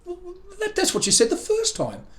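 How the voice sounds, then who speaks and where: A man's voice: very high voice, huge pitch swings, moderate pace, pitched above the performer's own voice, full character voice. A man voicing an opinionated male squirrel who talks in a fussy, emphatic, proper way, in a storybook reading.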